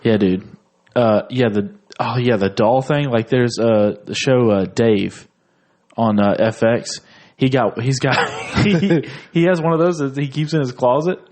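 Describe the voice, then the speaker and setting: A man's voice: mid-range voice, measured pace, a little mellow. A man co-hosting a podcast, laughing often and retelling memes and clips in casual crude banter, full of fillers. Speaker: podcast co-host.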